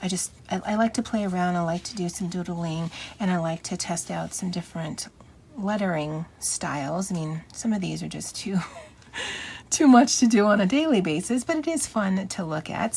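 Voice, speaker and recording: A woman casually chatting about her planner notebooks at her home desk, with frequent fillers and soft laughs. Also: on the low side, vocal fry, a little hiss or hum. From Hawaii. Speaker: planner vlogger. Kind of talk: casual show-and-tell.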